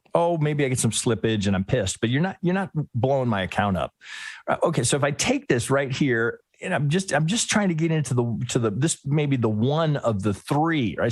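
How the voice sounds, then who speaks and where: A trading educator teaches a lesson while analyzing a chart live, thinking aloud casually, often restarting sentences, asking "right?", and occasionally swearing. His voice is medium-pitched and the recording is dry.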